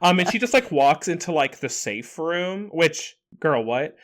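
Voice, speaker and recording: A man co-hosting a podcast in casual chat, retelling scenes in an animated way with lots of "like" and playful asides. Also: a little high, measured pace. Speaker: podcast co-host.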